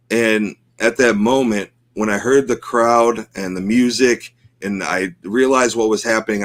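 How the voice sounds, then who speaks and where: A man's voice: mid-range voice, dry recording. A middle-aged man co-hosting a podcast, talking in an emotional, rambling way with lots of fillers. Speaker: podcast co-host. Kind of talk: casual chat.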